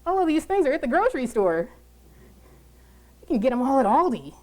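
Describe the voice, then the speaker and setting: A woman's voice: high voice, big pitch swings, normal speed, pauses often, a little mellow. A woman nature educator giving a casual, chatty talk with frequent laughs. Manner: chatty, laughs often, many fillers.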